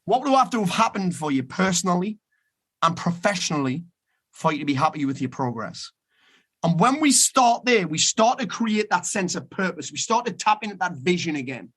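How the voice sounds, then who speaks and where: A man's voice: high voice, very animated, normal speed, a bit bright, breathy edge. A man giving a blunt, emphatic motivational talk, swearing freely as he urges listeners to act. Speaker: motivational speaker.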